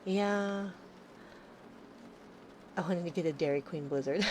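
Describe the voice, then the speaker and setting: A woman's voice: lowish voice, a little slow, long pauses, noisy background. A woman in her thirties chatting casually on a live stream, rambling and sarcastic, swearing freely.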